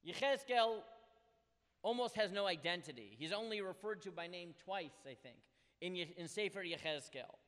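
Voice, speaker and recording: A man with a high voice teaches a text study lesson. He reads verses aloud and explains them with earnest emphasis. His voice carries a long hall reverb. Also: animated, normal speed, a bit bright. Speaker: Torah teacher.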